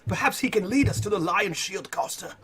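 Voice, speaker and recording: A man playing a flamboyant male adventurer who talks in a grand, formal way and shouts everything. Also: high voice, a little fast, slightly rough, voice pushed up, exaggerated voice. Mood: pompous.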